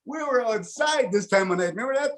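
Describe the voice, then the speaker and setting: A man with a notably high voice performs folksy stand-up comedy. He sounds middle-aged and talks in an animated, storytelling way, often finishing his lines with "eh?". He acts out loud laughter as he goes. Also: fast. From Canada. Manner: tags lines with "eh?".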